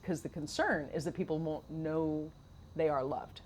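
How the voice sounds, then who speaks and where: A woman co-hosting a podcast, animated and questioning, explaining ideas like a teacher. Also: low voice, measured pace. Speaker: podcast co-host. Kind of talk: casual conversation.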